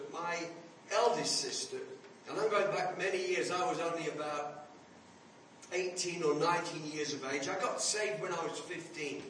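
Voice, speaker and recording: A man's voice: sits high, a bit bright, far from the mic, slight background noise. Older male preacher in an echoey hall. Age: 70s. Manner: earnest storytelling, swelling to emphatic. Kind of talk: sermon.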